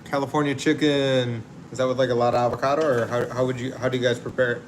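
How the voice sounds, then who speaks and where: A man's voice: mid-range voice, flat delivery, fast talker, a little hiss or hum. A man hosting a casual livestream, rambling easily and chatting with viewers while he cooks outdoors at home. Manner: easygoing, rambling, laughs easily. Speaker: livestream host. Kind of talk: casual livestream chat, reading viewer comments.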